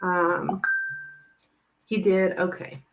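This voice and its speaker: A woman's voice: on the low side, flat delivery, very slow, music in the background. A woman giving a live tarot reading, chatting with viewers and thinking aloud with lots of "like.". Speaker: tarot reader.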